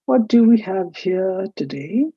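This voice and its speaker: A woman's voice: mid-range voice, expressive, a little slow, dark tone, husky, dry recording, lo-fi sound. A woman teaching a recorded French lesson, explaining carefully and correcting pronunciation. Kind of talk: recorded online lecture.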